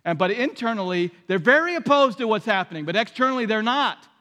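A man's voice: sits high, lively intonation, fairly quick, sharp tone, long reverb tail. A man preaching a sermon in a conversational way, acting out the voices he quotes. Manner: conversational, acts out quoted voices, many restarts.

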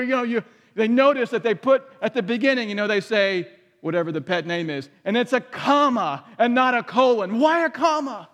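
A man with a high voice delivers a sermon in a relaxed, conversational way. He keeps checking in with his listeners through questions. His voice carries a long reverb. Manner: conversational, asks the audience questions. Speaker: pastor.

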